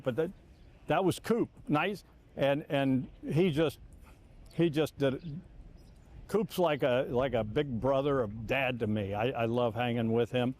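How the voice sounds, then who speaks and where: An older man recalls his career in an easygoing, mid-pitched voice. He talks in loose, repeated bursts. When he quotes others, he jumps up in pitch and acts the lines out. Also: moderate pace. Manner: animated, repeats words and restarts, acts out quotes. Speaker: longtime sportscaster. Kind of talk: reflective interview storytelling.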